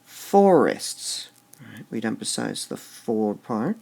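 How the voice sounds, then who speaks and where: A man's voice: medium pitch, lively intonation, slow, creaky. A man teaching a recorded lesson on poetic meter. He goes step by step, says "all right" often between steps, and repeats words with shifting stress to show the beat.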